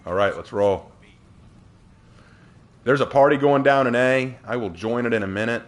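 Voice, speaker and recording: A man's voice: mid-range voice, normal speed. Chatty man streaming a game. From Southern United States. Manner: chatty, answers viewer chat, frequent restarts and repeats. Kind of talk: casual live-stream chat while gaming.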